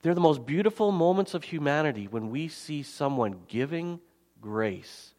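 Expressive male pastor in a reverberant hall. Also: on the high side, normal speed. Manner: expressive, swings from loud emphasis to quiet asides. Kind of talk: sermon.

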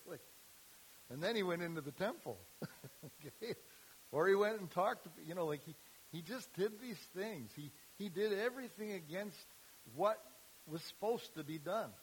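A man delivers a loose, conversational sermon, full of fillers and restarts. His voice sits a little high for a man. A faint hiss runs under the recording. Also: low-quality recording. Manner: conversational, many fillers and restarts, laughs at own remarks. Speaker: youth ministry speaker. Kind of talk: informal sermon.

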